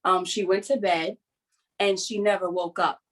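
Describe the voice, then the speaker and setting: Woman, writer and session host, video call, earnest, halting, confessional, medium pitch. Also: fairly even intonation, poor audio. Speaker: writer and poet hosting a support session. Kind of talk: personal storytelling on a video call.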